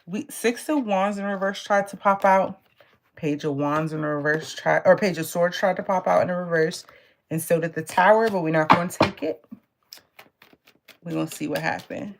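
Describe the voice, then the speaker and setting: Woman, tarot reader, low voice, gravelly fry, blunt, profane, laughs often, casual. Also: slight background noise. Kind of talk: casual live tarot reading.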